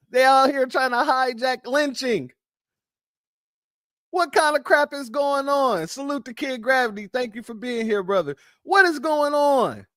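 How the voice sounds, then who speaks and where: A man's voice: very high voice, fairly bright tone, dry recording, studio quality. A man hosting a reaction commentary show, mocking and incredulous as he talks back at clips. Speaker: commentary host.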